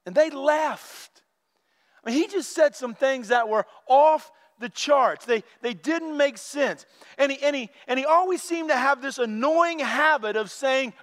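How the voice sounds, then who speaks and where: A man preaching a sermon in a lively way, acting out the voices of puzzled listeners and disciples. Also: extremely high pitch, measured pace. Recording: long reverb of a large hall.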